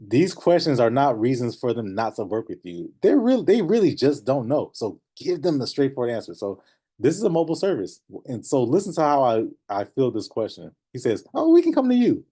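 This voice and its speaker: A man coaching a class in a casual, animated way, often laughing and acting out what clients say. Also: mid-range voice, fairly quick, husky. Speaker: notary business coach. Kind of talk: teaching class, casual talk.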